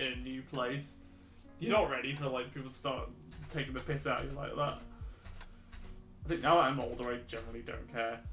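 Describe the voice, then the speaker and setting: A man's voice: mid-range voice, fairly bright tone. A British man with a mixed Midlands and Scouse accent, chatting loosely and laughing easily while drawing on a stream. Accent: mixed English, Midlands and Scouse. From Britain. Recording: roomy echo, faint music.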